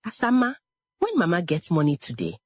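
Brief: scornful spoiled stepsister, husky low tone, read by a woman. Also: wildly swooping pitch, a little fast, darkish tone, no room sound, heavily acted. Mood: taunting. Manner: taunting, scornful. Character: spoiled mocking young stepsister.

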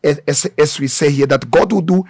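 A male guest pastor preaches to radio listeners in a fervent, urging way. His voice is a little high for a man. The studio sound around him is dry. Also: brisk, darkish tone, slightly rough, dry recording. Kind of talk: radio ministry broadcast.

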